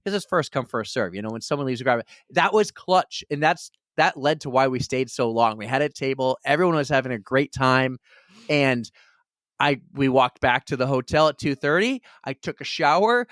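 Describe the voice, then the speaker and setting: A man's voice: medium pitch, moderate pace, dry recording. Chatty man telling a story, dry sound. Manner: animated storyteller, repeats phrases. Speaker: podcast co-host. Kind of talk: casual chat.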